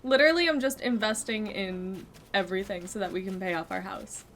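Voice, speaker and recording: A young woman streaming a game, chatting casually to her viewers, giggling and thinking out loud. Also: medium pitch, brisk, slight background noise. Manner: chatty, giggly, talks to chat and herself. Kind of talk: casual gameplay chat.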